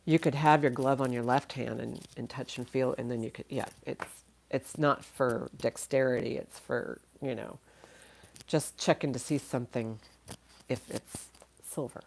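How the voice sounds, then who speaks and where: A woman's voice: extremely low pitch, steady tone, moderate pace, vocal fry, a little mellow. A woman running a casual live-stream auction, chatty and thinking aloud, laughing often and a little tired. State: tired, yawning.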